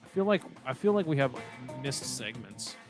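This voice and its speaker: A man's voice: medium pitch, sing-song, moderate pace, music in the background. A man co-hosting a podcast, chatting casually about baseball and movies in a loose, rambling way. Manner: rambling, laid-back, swears casually. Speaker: podcast co-host. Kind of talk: casual chat.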